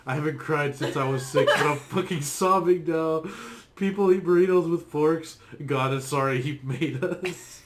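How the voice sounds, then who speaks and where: A man's voice: a little high, normal speed, few pauses, slight background noise. Profane ranting podcast man. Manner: ranting, profane, theatrical reading of a comic rant. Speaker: podcast co-host. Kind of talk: casual podcast chat.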